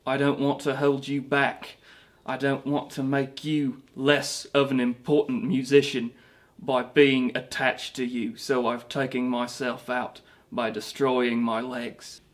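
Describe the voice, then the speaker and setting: A man's voice: medium pitch, flat delivery, a little slow, lightly acted. A man playing a boastful British ex-rocker. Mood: rambling. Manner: rambling, boastful, stumbling restarts. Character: vain washed-up male rock singer, self-pitying. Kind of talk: mockumentary interview.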